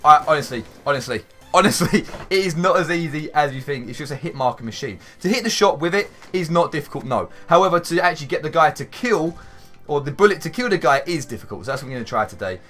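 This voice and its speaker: A man commentating his own gameplay for a video, excitable and rambling, swearing now and then and breaking into sudden shouts. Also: on the high side, fast talker, soft background music. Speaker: gaming YouTuber.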